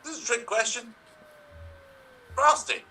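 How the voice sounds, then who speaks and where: A man's voice: very high-pitched, measured pace, sharp tone, far from the mic, full character voice. A man playing a stressed, blustering old colonel who accuses others pompously. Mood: wary.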